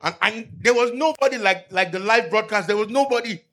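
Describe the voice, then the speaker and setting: A middle-aged male pastor, preaching a sermon with emphatic call-and-response and loud peaks. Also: high-pitched, brisk.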